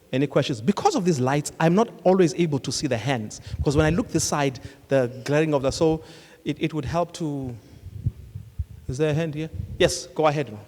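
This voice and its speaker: A male pastor preaching live at a congress, animated and storytelling, often acting out couples talking. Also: a little high. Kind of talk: live sermon. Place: large congress hall. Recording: long hall reverb from a live congress.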